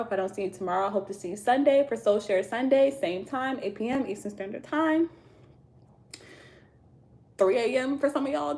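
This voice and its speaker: A fairly high-pitched, darkish voice belongs to an American woman running a casual tarot stream from home. She talks with her viewers in easy, slangy language and laughs frequently.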